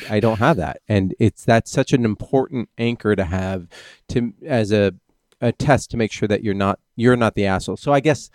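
A man co-hosting a casual chat, teasing with dry, deliberate questions. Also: fairly low pitch, darkish tone, dry recording.

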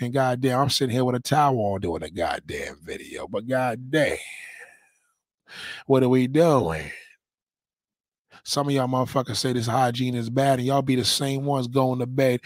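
A man ranting loudly and profanely on a livestream from home, rambling and repeating himself as he reads viewer comments. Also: medium pitch, normal speed, dry recording. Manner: loud, profane, rambling and repetitive. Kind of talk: profane casual rant. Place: at home, in a towel on camera.

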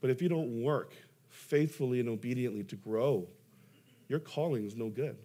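Young male pastor, mid-pitched, preaching with lively, self-deprecating stories and emphatic peaks. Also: moderate pace. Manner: animated storytelling, self-deprecating humor, emphatic rises. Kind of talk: sermon.

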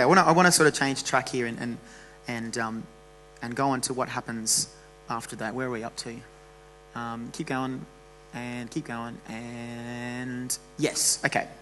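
A man's voice: medium pitch, slight background noise, low-quality recording. Casual man preaching. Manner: casual, animated preaching with jokes and restarts. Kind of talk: sermon.

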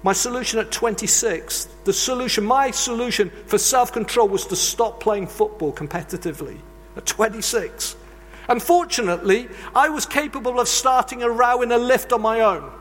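A man's voice: very high-pitched, moderate pace, fairly bright tone, slight background noise. A man preaching a sermon, telling earnest, confessional stories from his own life. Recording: long reverb of a large hall.

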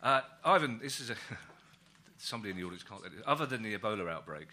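A man's voice: on the low side, lively intonation, fast, pushed and bright, a little hiss or hum. A man hosting a comedy panel, dry and wry, breaking into his own sentences with asides. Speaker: host.

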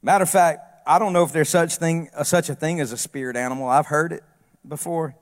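A male preacher giving a humorous sermon on a church stage that builds into shouted preaching. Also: on the high side, fairly even intonation, brisk, long reverb tail.

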